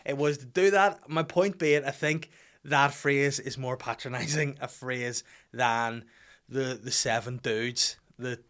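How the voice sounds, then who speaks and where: A man's voice: mid-range voice, steady tone, a little slow, a bit bright. Northern Irish male host, 30s, loose jokey storytelling, mid-range voice. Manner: rambling, jokey, sings little tunes. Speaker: podcast host. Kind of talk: casual comic monologue.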